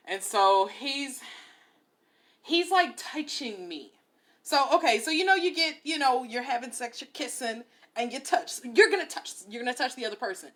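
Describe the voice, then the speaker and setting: A young woman hosting a podcast, telling a story in a candid, blunt, animated way. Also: high voice, moderate pace. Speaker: podcast host. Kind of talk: casual storytelling monologue.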